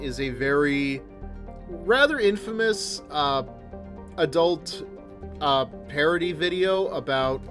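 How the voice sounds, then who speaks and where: Rambling man streaming a game. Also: a little high. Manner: rambling, filler-heavy. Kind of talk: casual gameplay commentary. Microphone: desktop microphone with headphones.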